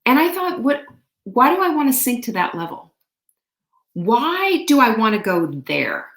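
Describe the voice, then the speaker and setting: Animated woman telling a story in an echoey room. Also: fairly high pitch, a little slow. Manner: animated storytelling with laughs and acted-out quotes. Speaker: host. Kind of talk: casual motivational chat.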